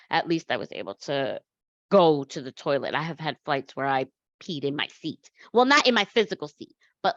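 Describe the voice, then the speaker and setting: A woman presenting slides in a relaxed, conversational way and correcting herself as she goes. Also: low voice, no room sound, highs cut off. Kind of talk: slide presentation on accessible travel.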